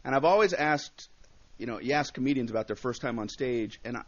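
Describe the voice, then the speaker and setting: A man's voice: mid-range voice, fairly quick. A male comedian telling stories from his early career in a radio studio interview, acting out his own reactions and other people's voices. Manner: animated storyteller, acts out voices and reactions. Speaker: comedian guest. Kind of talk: storytelling interview. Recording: dull satellite radio broadcast.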